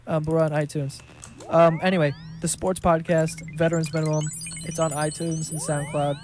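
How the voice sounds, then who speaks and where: A man's voice: a little high, little pitch movement, moderate pace, a little mellow, faint music behind. A man in his twenties hosting a solo podcast, talking in a loose, rambling, profane way with lots of fillers. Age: 20s. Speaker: podcast host.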